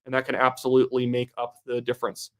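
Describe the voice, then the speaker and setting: Speaking fast in a medium, slightly bright voice with a completely flat delivery, a young man from Canada hosts a casual live stream. He reads viewer comments aloud in a chatty, upbeat way.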